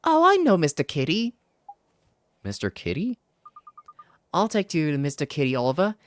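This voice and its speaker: A man voices a mysterious little girl in a fan dub of a story game. She is sweet and eager, chirping her lines with a lively lift in pitch. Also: moderate pace. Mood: chirpy. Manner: chirpy, high, bubbly.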